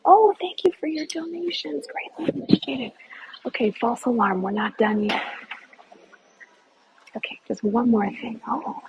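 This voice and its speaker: A woman leading a live walking tour outdoors, talking in a relaxed, often hushed way as she walks with her phone. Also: medium pitch, muffled recording, slight background noise. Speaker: tour guide. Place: outdoors in a hillside village.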